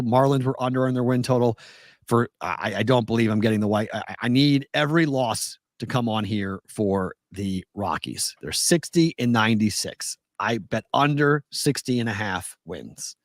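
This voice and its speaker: A man co-hosting a casual sports betting show, excitable and quick to laugh as he tells stories. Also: mid-range voice, no echo. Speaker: co-host.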